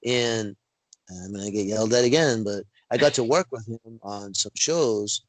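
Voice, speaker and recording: Animated storytelling man on a video call. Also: moderate pace, no room sound, low-quality recording. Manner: animated storyteller, acts out quotes with big pitch jumps. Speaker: wrestling referee guest. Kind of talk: casual storytelling interview.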